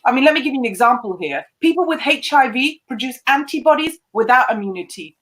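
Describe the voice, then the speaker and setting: A woman's voice: high voice, animated, fast, fairly bright tone, low-quality recording. A woman who is a public speaking coach, chatting casually and explaining her points earnestly. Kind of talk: casual chat.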